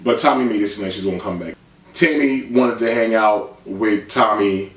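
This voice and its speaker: A man with a fairly low pitch speaks at normal speed while giving a comedic, profane recap of a TV episode. As a vlogger, he is loose, blunt and sarcastic, swearing freely. He's recorded in a roomy room on a distant mic.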